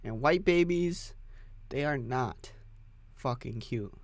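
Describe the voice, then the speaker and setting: A man holds forth alone on his podcast, rambling from one thought to the next with no script. His voice sits in an ordinary middle range, and he curses freely and bursts out loudly now and then. The sound is dry, with no room echo. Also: medium pitch, animated, slow pace. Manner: crude, profane, rambling, with loud sudden outbursts. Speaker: podcast host. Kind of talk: unscripted solo podcast rant.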